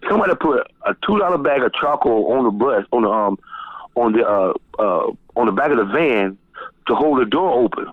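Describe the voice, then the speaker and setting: Animated man on a phone line. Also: fairly quick, no echo. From Florida. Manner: animated, profane, jumps high when quoting people. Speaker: guest DJ. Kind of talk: casual storytelling interview. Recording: tinny phone-line sound, dry.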